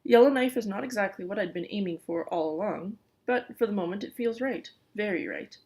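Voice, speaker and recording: A woman reading a children's novel aloud in the first person, lively, with small stumbles. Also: mid-range voice, a little fast. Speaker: audiobook reader.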